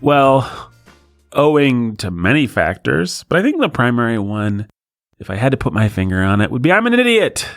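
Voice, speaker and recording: A man's voice: mid-range voice, big pitch swings, normal speed, no echo, soft background music. A man hosting a podcast alone in the studio, riffing in a sarcastic, rambling way. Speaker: podcast host. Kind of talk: solo podcast monologue.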